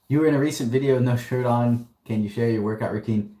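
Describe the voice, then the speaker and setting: A man's voice: mid-range voice, dark tone. Laid-back man in an echoey room. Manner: upbeat, slangy, laughs often. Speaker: host answering viewer questions. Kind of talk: casual livestream Q&A. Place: warehouse.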